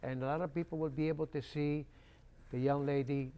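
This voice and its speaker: An older man hosts a casual interview in a local cable TV studio, chatting in a folksy, jokey way. His voice is fairly high, warm and smooth, with a flat delivery at a slightly fast pace.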